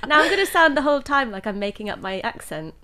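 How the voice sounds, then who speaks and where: Giggly English woman, lively pitch. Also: quick pace, crowd noise. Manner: giggly, reads prepared questions. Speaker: guest. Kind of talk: casual chat.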